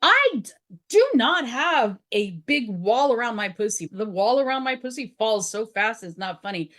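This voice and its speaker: A woman co-hosts a casual podcast, candid and quick to laugh. Her voice sits a little high and moves a lot in pitch. She acts out snippets of conversation as she tells her stories. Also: animated. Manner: frank, laughs often, acts out dialogue. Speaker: podcast co-host.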